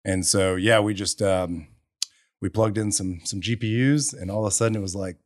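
A man's voice: sits low, normal speed, dry recording, clean studio sound. A man, a podcast guest telling his story in casual chat, acting out quotes and laughing along. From Texas. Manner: animated storyteller, acts out quotes with bursts of laughter. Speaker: podcast guest, energy entrepreneur.

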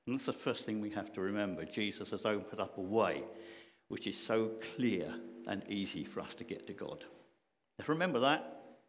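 A man's voice: lowish voice, expressive, moderate pace, in a large hall, a little hiss or hum. A man preaching a sermon in a church, earnest and conversational, leaning on his questions to stress them.

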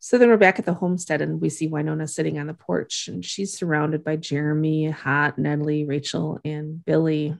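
Gravelly-voiced woman recapping a show. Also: low voice, steady tone. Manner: recounts scenes quickly, laughing often. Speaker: podcast co-host recapping a TV episode. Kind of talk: casual chat, episode recap.

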